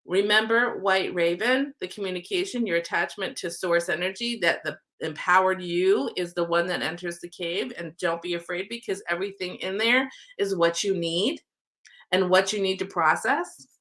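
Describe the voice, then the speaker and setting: A woman's voice: fairly low pitch, moderate pace, fairly bright tone. A woman doing a live-streamed oracle card reading, chatty, affectionate and upbeat, her nose stuffy from a cold.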